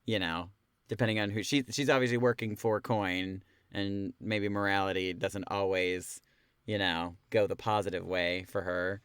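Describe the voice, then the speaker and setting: Man, podcast co-host, rambling casual talk, lowish voice, dry sound. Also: steady tone, normal speed, fairly bright tone, clear, resonant tone, dry recording. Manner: rambling, many filler words. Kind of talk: casual chat.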